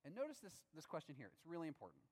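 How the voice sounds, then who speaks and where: Animated preacher in a reverberant hall. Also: male voice, a little high, very fast, husky. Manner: animated, acts out voices of biblical figures. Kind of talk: sermon.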